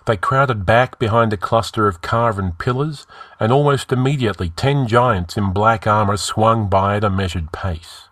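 Man narrating an old-school fantasy story, lowish voice, dead dry close sound. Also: a bit bright, dry recording. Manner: measured, dramatic storytelling. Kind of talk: dramatic fiction reading.

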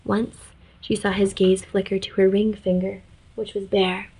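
A woman reading a fantasy story aloud in an even, measured way. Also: medium pitch, breathy edge, poor audio. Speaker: story reader. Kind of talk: scripted narration of a fantasy story.

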